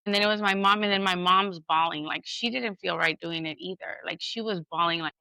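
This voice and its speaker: A woman's voice: fairly low pitch, brisk, creaky, sharp tone, clear, resonant tone, no room sound, rough recording. A woman co-hosting a podcast, telling a personal story earnestly and candidly, acting out what others said. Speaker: podcast co-host. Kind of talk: casual podcast chat.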